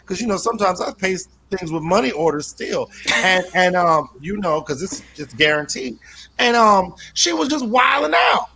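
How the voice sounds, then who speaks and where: Man, stand-up comic, crude animated storytelling, acts out voices, high pitch, video call. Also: moderate pace, gravelly, a little hiss or hum. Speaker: stand-up comedian.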